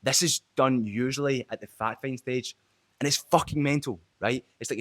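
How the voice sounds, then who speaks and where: A young man talks straight to camera about sales, blunt and casual, with a good deal of swearing. His voice sits in an ordinary middle pitch. The sound is dry and close, with no room echo. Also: fairly even intonation, moderate pace. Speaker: sales trainer. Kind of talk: direct-to-camera sales tips video.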